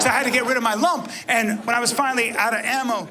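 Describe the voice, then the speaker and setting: A man in his fifties performing stand-up on a comedy club stage, telling a profane, animated story and often shouting into a handheld mic. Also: very high-pitched, racing, few pauses, over a noisy crowd, very noisy. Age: 50s.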